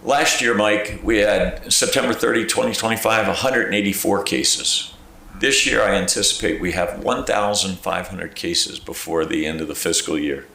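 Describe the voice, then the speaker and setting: A man's voice: lowish voice, moderate pace, vocal fry. A man, a county clerk of court, giving a presentation to a village council, telling stories and acting out phone calls in a conversational, emphatic way. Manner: animated storyteller, acts out phone calls and quotes; conversational, repeats "okay?" for emphasis. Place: council chamber. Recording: very echoey council chamber.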